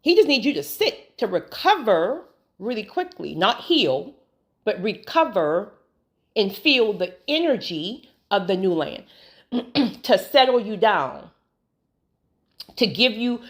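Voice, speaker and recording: A woman preaching about spiritual healing in a lively, swooping voice. Her talk is casual and emphatic, and she leans on repeated phrases to drive each point home. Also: medium pitch, takes it slowly.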